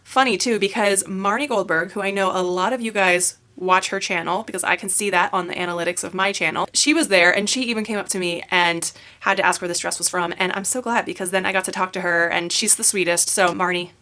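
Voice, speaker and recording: A woman's voice: mid-range voice, fairly even intonation, brisk, pushed and bright. A woman, chatting casually and gushing about clothes in a try-on haul video. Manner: chatty, gushing, many filler likes. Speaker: fashion YouTuber.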